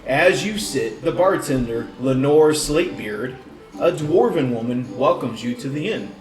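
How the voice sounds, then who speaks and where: A man as dungeon master, narrating scenes in a halting, descriptive way. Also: mid-range voice, expressive. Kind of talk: narrating a tabletop game. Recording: echoey room, distant mic, faint music.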